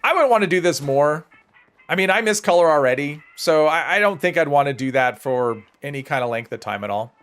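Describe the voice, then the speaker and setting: A chatty male livestreamer with a voice pitched a little higher than most men's. He rambles casually as he plays, answering viewer comments and poking fun at himself. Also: lively intonation, a little fast, a bit bright, faint music behind. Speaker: gaming livestreamer.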